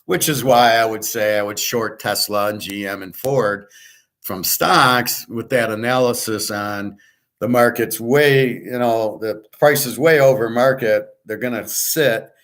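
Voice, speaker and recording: A man's voice: medium pitch, unhurried, a bit bright. A man hosting his show, giving blunt, profane, opinionated commentary in a rambling casual way. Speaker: host.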